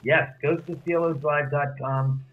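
A man, a guest author, retelling a story in lively detail and acting out both sides of each conversation. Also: on the high side, unhurried. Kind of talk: animated storytelling in an interview. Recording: tinny phone line.

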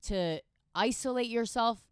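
A woman's voice: on the high side, measured pace, clean tone, no room sound, clean studio sound. Wry young woman on a podcast. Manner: wry, deadpan storytelling. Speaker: podcast co-host. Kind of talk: casual comedic chat.

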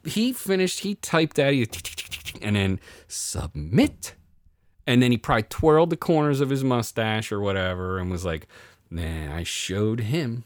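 A man's voice: medium pitch, dry recording, clean studio sound. Ranting, profane podcast co-host man. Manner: ranting, sarcastic, swears a lot. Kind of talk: profane casual chat.

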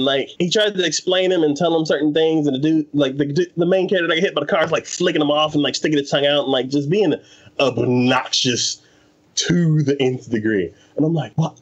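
An anime podcast co-host with a fairly high, brisk voice animatedly retells an anime's plot in casual chat, acting out the characters' lines and using lots of fillers. The audio quality is poor.

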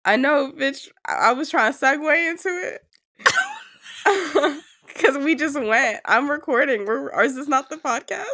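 A young woman co-hosting a casual podcast, hoarse from a cold, swearing and joking freely. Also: high-pitched, unhurried, bright, forceful tone, no room sound. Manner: profane, joking, laughs often. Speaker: podcast co-host.

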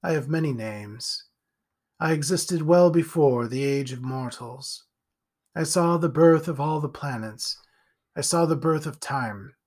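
A man voicing an ancient, sly male creature who speaks with slow, soft, coaxing menace. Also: mid-range voice. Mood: grandiose.

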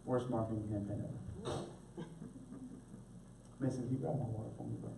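A man preaching a sermon as pastor, animated, acting out voices for humor. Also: mid-range voice, fairly quick, gravelly, pauses often, background noise. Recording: echoey room, voice from a distance.

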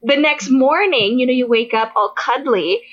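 A woman co-hosting a podcast, telling stories in a casual, animated way with frequent laughter. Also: high-pitched, normal speed, lo-fi sound. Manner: animated storytelling, squealing and laughing often. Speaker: podcast co-host. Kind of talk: casual chat.

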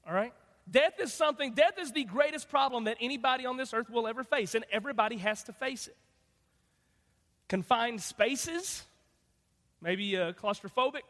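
A man's voice: extremely high pitch, sharp tone, in a large hall. A man preaching a sermon as a guest pastor, chatty and joking, with many fillers and restarts. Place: church sanctuary.

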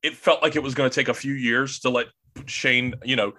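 A man's voice: mid-range voice, fairly even intonation, brisk, bright, forceful tone. A man hosting a podcast, talking casually with many restarts and a deferential tone. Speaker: podcast host.

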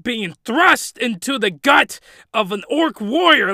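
Young guy rambling through a funny recap, high bright voice, super dry close mic. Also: a little slow, no room sound. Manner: rambling, animated, laughing often. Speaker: youtuber. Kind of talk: comedic reaction recap.

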